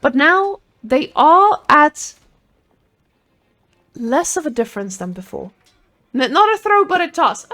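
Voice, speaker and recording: A woman casts a live strategy game match in an excitable, joking way. Her voice sits on the high side and swoops widely. She talks into a handheld microphone. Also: slow, pauses often. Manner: playful, excitable, jokey. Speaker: esports caster.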